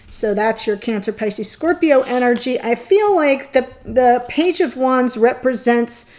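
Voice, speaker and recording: A woman giving a tarot reading to her viewers, earnest and thinking aloud, often pausing between short phrases. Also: a little high, animated, a little mellow. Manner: addresses viewers directly. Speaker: tarot reader.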